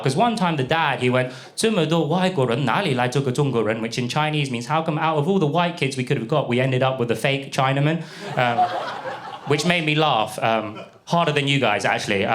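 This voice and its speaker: A young man from the UK performing a stand-up comedy set, delivering deadpan punchlines and slipping into put-on voices for characters. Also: medium pitch. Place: comedy club stage with a laughing audience. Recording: live club recording with crowd laughter.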